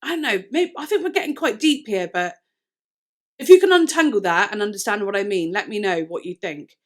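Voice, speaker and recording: A woman's voice: mid-range voice, expressive, fairly quick. Rambling young British woman chatting. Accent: British English. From United Kingdom. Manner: rambling, all over the place, trips over words. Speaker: music reaction vlogger. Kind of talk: casual chat.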